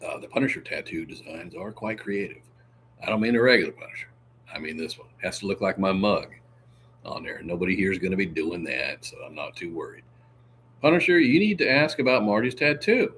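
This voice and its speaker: A man's voice: low voice, animated, brisk, a bit bright, slight background noise. A man hosting a casual livestream, reading viewer comments aloud with a joking manner, lots of laughs and filler sounds.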